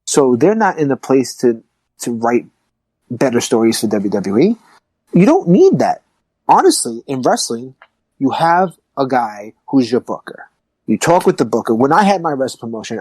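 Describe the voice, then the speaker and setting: Animated, emphatic male podcast host. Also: medium pitch, moderate pace, husky, no room sound, poor audio. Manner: animated, emphatic, rising to excited peaks. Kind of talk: casual chat.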